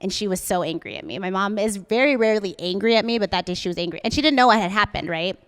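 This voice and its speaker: A woman's voice: medium pitch, fast, smooth. A young adult woman, a guest on a podcast, telling a candid personal story and acting out the quotes with many fillers. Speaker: podcast guest, coffee shop founder.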